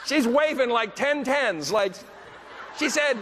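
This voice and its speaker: High, bright-voiced man giving a keynote. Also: takes it slowly. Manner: animated, acts out quoted voices, bursts into shouts. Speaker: motivational keynote speaker. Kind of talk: storytelling keynote speech. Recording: echoey hall, faint background noise.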